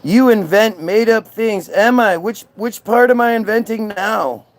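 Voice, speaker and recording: On a live stream, a man with a high, unhurried voice rants sarcastically and profanely, mocking someone in chat in a heated tirade.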